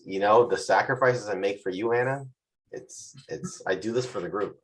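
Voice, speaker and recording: A man's voice: on the low side, normal speed, poor audio. A man hosting a virtual tasting group over a video call, chatting casually with playful jokes and asides.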